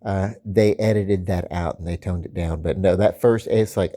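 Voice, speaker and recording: A man's voice: sits low, fairly even intonation, normal speed, warm tone. A man with a Southern accent, rambling casually through a video, full of fillers and restarts. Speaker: comic book vlogger.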